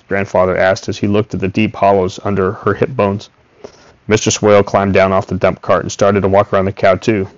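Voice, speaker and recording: A man reading a first-person story aloud in a steady, plain way. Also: on the low side, fairly quick, no room sound. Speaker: audiobook reader. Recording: dull, dry recording.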